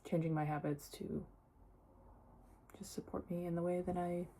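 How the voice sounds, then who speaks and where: A woman's voice: on the low side, little pitch movement, moderate pace, warm tone, slight background noise. A young woman talking casually in a personal vlog, sharing her experience with many "like" fillers. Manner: chatty, lots of "like" fillers. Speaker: vlogger.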